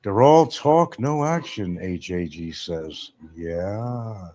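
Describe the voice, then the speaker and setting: A man's voice: lowish voice, animated, takes it slowly, mellow. Sarcastic, rambling man on a livestream. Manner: sarcastic, rambling, reads chat aloud. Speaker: livestream host. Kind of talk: casual livestream commentary.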